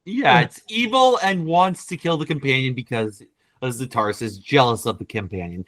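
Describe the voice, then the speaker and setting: A man's voice: mid-range voice, expressive, moderate pace, fairly bright tone, no room sound. A man in a casual review chat, dropping wry, dry jokes. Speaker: podcast panelist.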